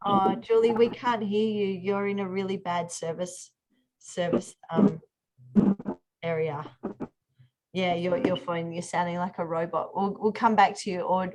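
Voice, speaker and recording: A woman's voice: fairly low pitch, fairly even intonation, moderate pace, darkish tone. A woman hosting an online group workshop over a video call, chatty, with many fillers and restarts. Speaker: workshop host.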